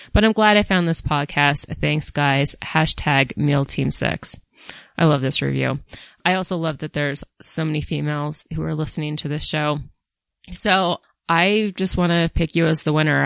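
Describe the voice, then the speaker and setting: A woman's voice: low-pitched, gravelly, no echo. A woman hosting a podcast, reading a listener review aloud and making jokey, irreverent asides. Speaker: podcast host.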